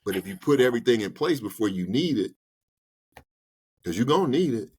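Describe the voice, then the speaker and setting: This man talks personal finance in a relaxed podcast studio conversation, his medium-pitched voice fairly quick with a breathy edge. Lively and colloquial, he plays out short mock exchanges with banks.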